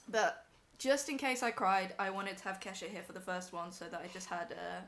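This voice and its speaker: A woman's voice: mid-range voice, creaky. A young woman on a live stream, emotional and teary as she talks to her chat from home.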